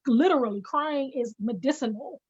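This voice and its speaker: A woman guest speaks with an emphatic, preacher-like cadence and a high, lifted voice. She comes through a video call that sounds dry and slightly muffled, with no room echo at all. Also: moderate pace, darkish tone, husky. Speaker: guest, singer and life coach. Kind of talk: encouraging preacher-like conversation.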